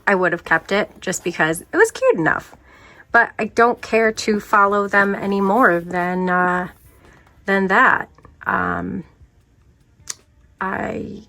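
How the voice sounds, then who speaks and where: A woman manga vlogger in casual, rambling chat, self-deprecating and often trailing off into quieter asides. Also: medium pitch, no echo.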